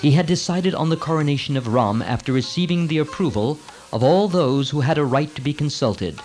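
A man narrating an old tale in a measured, formal storybook reading. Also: a little high, animated, darkish tone, faint music behind, poor audio.

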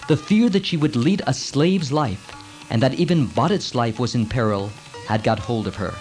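A man reading a storybook tale aloud in a measured, formal way. His voice sits at a plain middle pitch, with faint music under the narration. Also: expressive, a little mellow, poor audio.

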